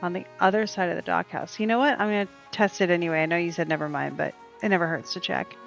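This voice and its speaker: A woman with a gravelly, creaky edge to her voice, rambling casually as she plays a cozy game on stream. The sound is dull and lo-fi, with faint game music underneath. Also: on the low side, steady tone, fast talker. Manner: chatty and rambling, talking to the game and to her dog. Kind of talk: casual gameplay chat.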